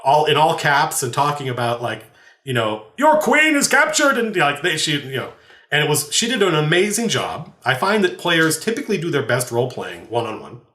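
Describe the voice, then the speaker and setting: Against a roomy echo, a man who is a game master and podcast host recounts a tabletop game story at normal speed. His medium-pitched voice is very animated, pushed and bright, and the casual anecdote rambles along with laughter and frequent restarts.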